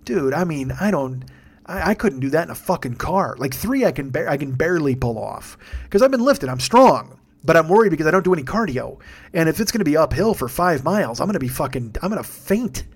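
Male comedian-host, late-night tired, yawning, profane, rambling, self-deprecating, slightly high voice. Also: sing-song, fairly quick, slightly rough. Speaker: podcast host; stand-up comedian. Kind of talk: casual late-night monologue with plugs.

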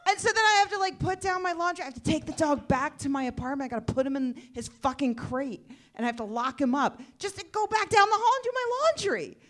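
A young adult woman in casual comedic chat, profane and animated, acting out her pets in stories. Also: high voice, fast, hardly any pauses. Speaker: podcast panelist.

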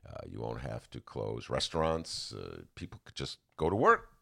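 A man's voice: very deep voice, big pitch swings, normal speed, gravelly, sharp tone. A man hosting a podcast in casual political chat. He rambles and restarts often, and he acts out quotes with big swings in his voice. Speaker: podcast host.

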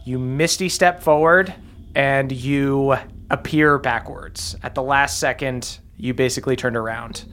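Bright-voiced man running a tabletop game. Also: mid-range voice, unhurried, clear, resonant tone. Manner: laughs often, relaxed descriptions. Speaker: game master.

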